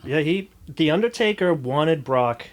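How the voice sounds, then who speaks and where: A man's voice: on the high side, expressive, a little slow. A man taking part as a guest in a casual chat, chiming in with short explanations.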